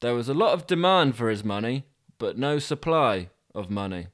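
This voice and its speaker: A man narrating a comic story with dry, deadpan asides. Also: mid-range voice, moderate pace. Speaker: podcast host and storyteller.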